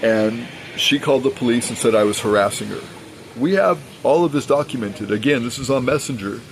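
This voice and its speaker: A man's voice: mid-range voice, brisk, slight background noise, poor audio. A father speaking in a personal vlog monologue, earnest and aggrieved, insisting on his side of the story.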